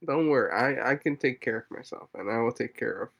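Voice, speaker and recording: A man's voice: medium pitch, lively intonation, a little fast, gravelly, fairly bright tone, lo-fi sound. A man playing his character in a tabletop game, casual and agreeable with short replies. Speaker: player. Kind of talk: casual tabletop role-play.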